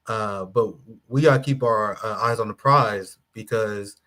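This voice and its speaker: A man talking casually on a podcast panel, conversational and a bit halting. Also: fairly low pitch, sharp tone. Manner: conversational, with frequent fillers and restarts.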